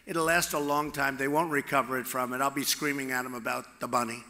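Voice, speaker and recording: A man giving a campaign rally speech off the cuff, repetitive and boastful, swinging from loud shouts to hushed asides at a podium microphone. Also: medium pitch, level tone, brisk. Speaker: political candidate at a rally. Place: large rally venue with crowd. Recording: echoey rally hall with long reverb.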